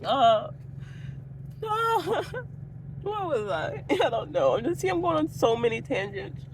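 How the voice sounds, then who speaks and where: A woman's voice: on the high side, sing-song, a little slow, noisy background. Profane rambling woman ranting. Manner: profane, goes off on tangents, laughs a lot. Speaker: vlogger. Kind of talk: rambling casual rant.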